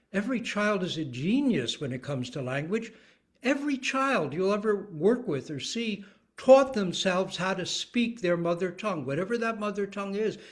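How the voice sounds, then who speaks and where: Expressive older man teaching storytelling. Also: on the high side. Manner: expressive, emphatic, halting phrases with vocal bursts. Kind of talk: teaching talk.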